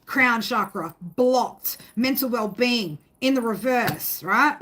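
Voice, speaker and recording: A tarot reader gives a casual spoken reading in a slightly high, bright, forceful voice at a measured pace with few pauses, and a faint hiss or hum sits under the recording. She rambles and speaks emphatically, swearing freely and often ending sentences with "right?".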